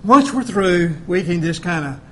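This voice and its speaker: A man's voice: sits high, lively intonation, moderate pace, a little hiss or hum. A male preacher giving a conversational Bible-teaching sermon in a folksy way, often acting out quoted voices.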